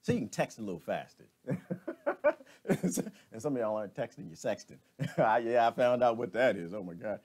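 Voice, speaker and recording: A man talking straight to his live stream audience in a loose, joking, rambling way. His mid-pitched voice leaps up and down constantly as he riffs, and he often laughs at his own remarks. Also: lively intonation, moderate pace, a little mellow, husky. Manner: jokey, rambling, laughs at himself. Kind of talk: animated off-the-cuff commentary.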